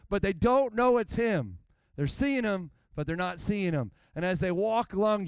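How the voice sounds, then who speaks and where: A man's voice: high voice, clean tone, no room sound. A man preaching a sermon in a church, telling stories and acting out the quotes of the people in them. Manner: preaching with rising intensity, acts out quotes. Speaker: pastor.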